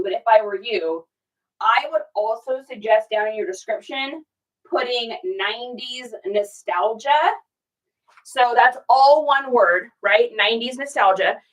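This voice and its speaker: A woman's voice: fairly high pitch, fairly bright tone, rough recording. A woman reseller chatting casually to a livestream audience, giving listing tips in a chatty, conspiratorial way. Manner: chatty, conspiratorial, with lots of fillers. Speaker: clothing reseller.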